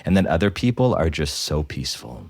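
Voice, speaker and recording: A man's voice: very deep voice, very animated, brisk, a little mellow, no room sound, studio quality. A man, a priest co-hosting a podcast, talking reflectively with frequent repeated starts. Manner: thoughtful, with many repeated starts.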